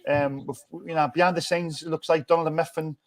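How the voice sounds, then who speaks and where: A man chats as host of a football fan show. His voice sits a bit high, and he rambles upbeat through restarts and fillers. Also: steady tone, brisk. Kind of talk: casual fan chat.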